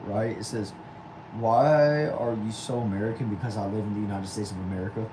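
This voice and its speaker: Young guy on a home livestream, lowish voice, reads chat and answers wryly, steady air-conditioner hiss. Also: brisk. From Texas. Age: 20s. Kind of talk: casual livestream chat reading comments. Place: small back room at home.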